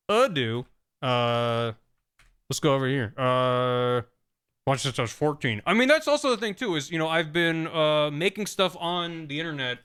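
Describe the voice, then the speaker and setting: A man's voice: mid-range voice, fairly bright tone, clean tone. A young man chatting casually on a live stream, rambling with frequent stammered restarts.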